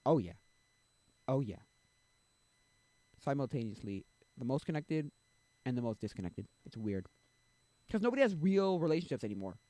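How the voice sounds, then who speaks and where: A man's voice: mid-range voice, very animated, moderate pace, long pauses, mellow, dry recording. Rambling young man streaming. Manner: rambling, loses his train of thought. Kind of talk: casual chat.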